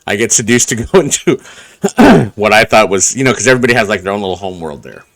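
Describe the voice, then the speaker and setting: A man co-hosting a podcast, joking around and telling a quick anecdote in casual chat. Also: fairly low pitch, very animated, a bit bright, no echo.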